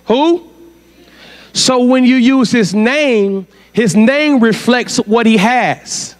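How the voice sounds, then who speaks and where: A man with a very high-pitched voice speaks slowly. He's preaching a sermon as guest speaker at a church conference, asking the congregation one rhetorical question after another.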